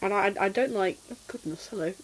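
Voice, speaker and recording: A young British woman chatting casually while streaming a game, self-deprecating and quick to giggle and exclaim. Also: mid-range voice, rough recording. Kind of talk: casual gameplay chat.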